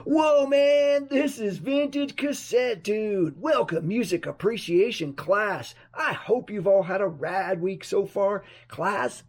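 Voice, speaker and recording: A man putting on a laid-back surfer-dude voice to host a cassette music class, with husky slang-filled delivery. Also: sits high, takes it slowly, hardly any pauses. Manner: drawling, upbeat surfer slang. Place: room at home. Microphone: action camera on a mini tripod.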